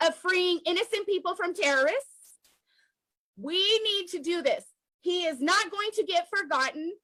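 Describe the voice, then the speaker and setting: An American woman with a very high, bright, cutting voice delivers an impassioned address to camera, emotional and close to tears. She hammers her points home and repeats lines for force. The sound is dry and close, with no room around it. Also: lively intonation, a little slow, no echo, poor audio. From United States. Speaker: activist vlogger.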